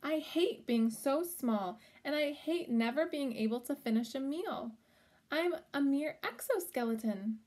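A woman's voice: sits high, sing-song, unhurried, pitched above the performer's own voice. A small, worn-out male cricket with an aching wing, whining and grumbling in a raised, strained voice, as a woman reading the story puts him on. He sounds cranky and fed up, a storybook creature at the end of his rope. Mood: seething. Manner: whiny, frustrated.

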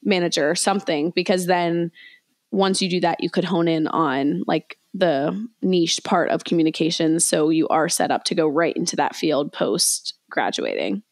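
A woman's voice: lowish voice, moderate pace, dry recording, clean studio sound. A young woman co-hosting a podcast, agreeable and talking ideas through with plenty of fillers. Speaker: podcast co-host. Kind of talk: casual chat.

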